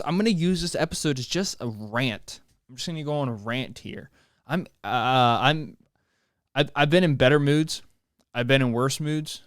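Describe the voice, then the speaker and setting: A man's voice: medium pitch, smooth, dry recording, studio quality. A young man hosting his own podcast, ranting alone in a joking, self-mocking way with many restarts. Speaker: podcast host. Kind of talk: solo rambling rant.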